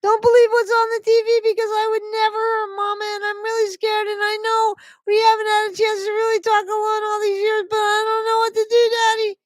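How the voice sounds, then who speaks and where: A reader voicing a frightened young woman who pleads with her father in a high, rushed, breathless way. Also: monotone, no room sound, far from the mic. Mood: panicked pleading.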